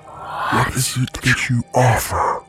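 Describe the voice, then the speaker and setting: A man doing a slow, breathy angel creature. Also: medium pitch, steady tone, a bit bright, faint music behind, full character voice. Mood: ominous. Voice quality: breathy and husky. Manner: slow and measured. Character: slow, breathy inhuman angel, sexless and ancient.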